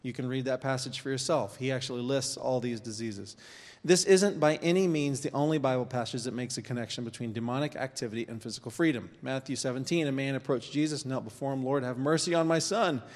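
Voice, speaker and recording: A man teaching an informal church course, talking conversationally with pauses and reading scripture aloud. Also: medium pitch, darkish tone. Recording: long hall reverb.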